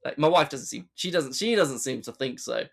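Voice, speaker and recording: Gravelly-voiced male podcaster. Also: mid-range voice, expressive, normal speed. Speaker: podcast co-host. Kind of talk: casual chat.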